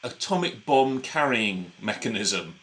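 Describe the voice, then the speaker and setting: A man's voice: lowish voice, animated, unhurried, very noisy. A man co-hosting a podcast, chatting and laughing through his stories. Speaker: podcast co-host. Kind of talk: casual chat.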